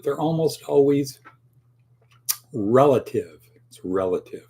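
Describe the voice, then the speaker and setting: A man's voice: fairly low pitch, measured pace, warm tone, a little hiss or hum. A man hosting a casual daily motivational monologue, rambling with playful asides and acted-out quotes. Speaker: host of a daily motivational talk.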